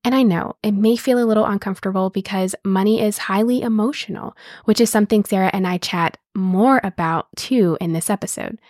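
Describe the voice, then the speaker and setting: A woman's voice: mid-range voice, brisk, darkish tone, dry recording, clean studio sound. A woman in her thirties hosting a podcast in casual chat, upbeat and gushing, laughing often. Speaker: podcast host.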